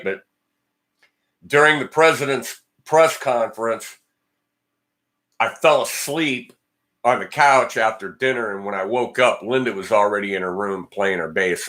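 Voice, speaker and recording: A guitar channel host rambles and jokes through a casual livestream, responding to viewer comments in a blunt, joking manner. His voice sits on the low side and is bright and forceful.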